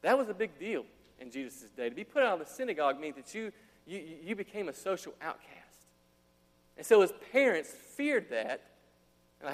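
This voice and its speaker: A man's voice: high-pitched, big pitch swings, brisk. A man preaching a sermon, acting out the people in his story and dropping casual slang asides. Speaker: pastor. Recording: long hall reverb.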